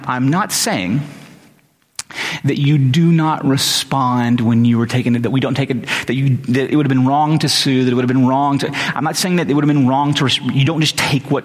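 Man preaching in an echoing hall. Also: medium pitch. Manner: conversational, animated when quoting himself. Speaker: pastor. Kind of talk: sermon with storytelling. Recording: long reverb of a large hall.

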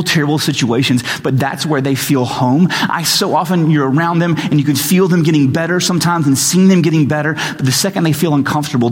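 A man preaching a sermon as pastor, telling stories with animated acted-out voices. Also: medium pitch. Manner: animated storytelling, acts out quoted voices. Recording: reverberant hall recording.

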